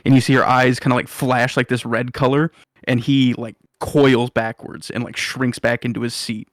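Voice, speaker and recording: A man's voice: medium pitch, level tone, normal speed, no echo, clean studio sound. A man narrating a tabletop game as game master in a casual, loose manner. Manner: casual, filler-heavy narration.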